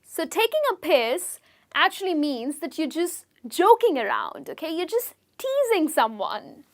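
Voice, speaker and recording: A woman's voice: very high voice, sing-song, measured pace. A young woman from India, teaching slang expressions in a chatty lesson and checking in with "okay?". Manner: chatty, explains with stories and frequent "okay?" check-ins. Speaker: English teacher. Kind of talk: explaining slang in a video lesson.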